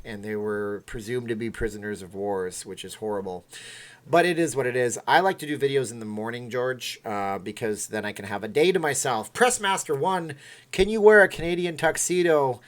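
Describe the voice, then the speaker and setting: A man's voice: medium pitch, normal speed. A man hosting a casual livestream, rambling and chatting as he reacts to viewer comments. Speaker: livestream host.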